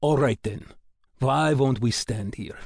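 A man voicing a cheerful, easygoing male oil engineer who talks in an unhurried, upbeat way. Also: medium pitch, flat delivery, vocal fry, husky, no room sound, studio quality, heavily acted. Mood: teasing.

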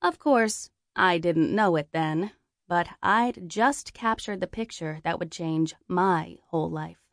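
A young adult woman narrating a first-person audiobook, lively and wry. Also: on the low side, a little slow, no room sound, studio quality.

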